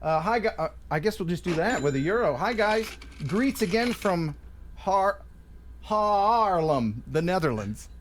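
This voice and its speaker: A man's voice: high-pitched, moderate pace, a little hiss or hum. A man hosting a live stream, joking around and reading chat messages. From USA. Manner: joking, animated. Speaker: host.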